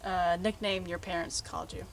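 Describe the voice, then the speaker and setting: A woman interviewer asking short, upbeat rapid-fire questions with quick laughs. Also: on the low side, little pitch movement, low-quality recording. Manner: brief, upbeat, laughing prompts.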